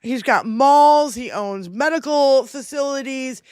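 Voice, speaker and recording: A woman co-hosts a loose livestream chat in a high voice. She rambles and swears freely. Her voice sits close and dry. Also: measured pace, darkish tone, smooth, dry recording. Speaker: podcast co-host.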